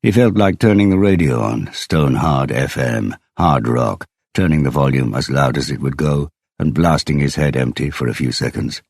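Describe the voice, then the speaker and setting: A man narrating a crime novel audiobook in a measured, unhurried reading. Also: rumbling low, creaky, darkish tone, dry recording, clean studio sound. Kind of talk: scripted narration.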